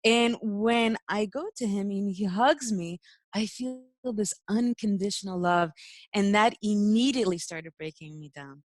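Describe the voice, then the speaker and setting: A woman's voice: medium pitch, a little slow, dry recording. A young woman, a spiritual teacher, telling a personal story in casual talk, emotional, laughing often and using many fillers.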